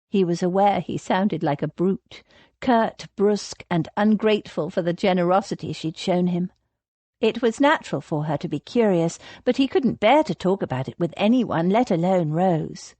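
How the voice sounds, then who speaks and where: Slow, husky woman narrating a romance. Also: fairly low pitch, animated, darkish tone, no room sound. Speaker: audiobook narrator. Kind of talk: scripted narration.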